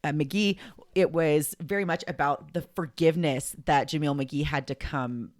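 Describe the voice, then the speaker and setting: A man's voice: on the high side, no room sound, clean studio sound. A man co-hosting a podcast, answering his partner with wry, amused remarks. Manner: wry, amused, quick to laugh. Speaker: podcast co-host. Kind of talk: casual podcast banter.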